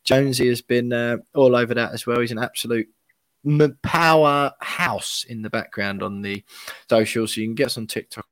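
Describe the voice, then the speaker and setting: Young english podcast host, mid-pitched, dry close mic, bantering and reading plugs. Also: male voice, moderate pace, fairly bright tone, dry recording. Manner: matter-of-fact, friendly banter. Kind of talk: casual chat and podcast plugs.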